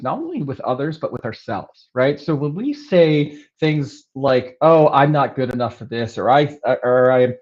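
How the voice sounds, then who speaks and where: A man of middle pitch talks in an earnest, casual way, stumbling over repeated words and checking in with "right?". The sound is a little dull and lo-fi. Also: a little mellow. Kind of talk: casual conversation.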